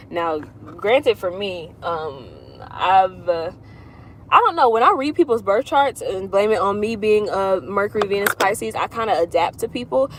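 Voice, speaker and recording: A woman astrologer with a fairly low-pitched voice does readings on a livestream, with slight background noise. She chats casually, answering viewer questions in a loose, rambling way that goes round in circles.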